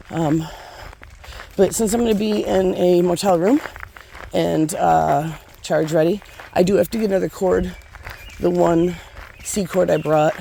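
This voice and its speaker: A woman's voice: low-pitched, gravelly, mellow, a little hiss or hum. A middle-aged woman hiking and filming herself, talking in a rambling, chatty, enthusiastic way. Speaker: hiker vlogger. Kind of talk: casual trail vlog. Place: outdoors on a hiking trail.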